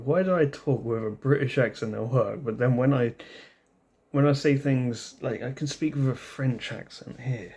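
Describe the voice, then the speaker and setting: A man's voice: medium pitch, a little mellow. A man hosting a casual vlog beer review who rambles and often restarts his sentences.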